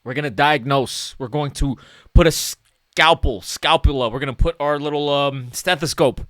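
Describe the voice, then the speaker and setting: A man's voice: fairly high pitch, moderate pace, a bit bright, dry recording, clean studio sound. A man talking casually through market charts as a stock analyst, chatty and self-mocking, often tagging "okay?" and "right?".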